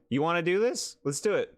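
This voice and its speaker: A gaming streamer with a slightly high voice chats casually during live commentary, sounding exasperated and sarcastic and laughing often. The sound is clean studio quality with no echo.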